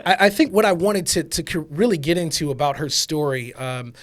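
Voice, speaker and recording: A man with a slightly raised voice hosting a relaxed conversation. He talks in halting bursts, repeating words and leaning on fillers as he explains his view. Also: a little high. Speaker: podcast host. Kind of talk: casual chat.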